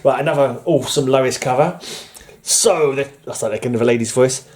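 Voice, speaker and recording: Male comic collector vlogging from home; mellow, rambling, chatty. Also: mid-range voice, brisk. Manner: rambling, chuckling, many fillers. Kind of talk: casual chat showing comics. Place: room at home under fluorescent light.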